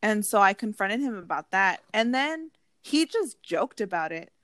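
A woman chatting casually, blunt and profane as she tells her story. Her voice is medium in pitch and sounds dry and close, with no room around it. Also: very animated, moderate pace, a bit bright, no echo. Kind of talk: casual chat.

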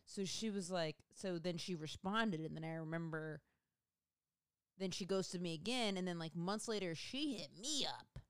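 A woman's voice: on the low side, moderate pace, clean tone. A woman comedian telling a rambling, profane story about her own life in a casual, self-mocking way.

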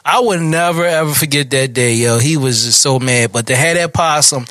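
A man's voice: medium pitch, normal speed, a bit bright, dry recording. A man hosting a podcast, talking casually in laid-back slang. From Philadelphia. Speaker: podcast host. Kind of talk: casual chat.

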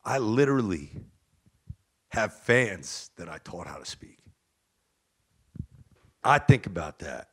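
A man talking as a podcast guest, emphatic and profane, swinging between loud outbursts and low mutters. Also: very animated, a little slow, husky. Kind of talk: casual podcast chat.

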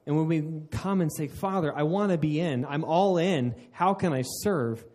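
A man's voice: fairly high pitch, normal speed, darkish tone. A man preaching a sermon in an earnest way, often restarting mid-phrase and laughing at himself. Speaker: pastor.

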